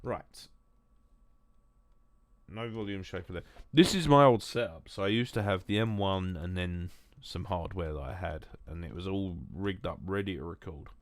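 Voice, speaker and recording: A man's voice: sits low, moderate pace, no echo. A man chatting casually on a live stream while drinking whiskey, rambling, swearing and mocking himself.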